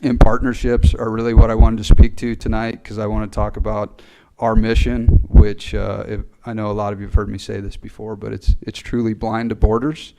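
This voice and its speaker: A man's voice: on the low side, level tone, gravelly, mellow, a little hiss or hum, poor audio. Earnest man giving a ceremony speech. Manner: earnest, halting, with many fillers. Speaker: fire chief giving a graduation address. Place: ceremony hall. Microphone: podium mic.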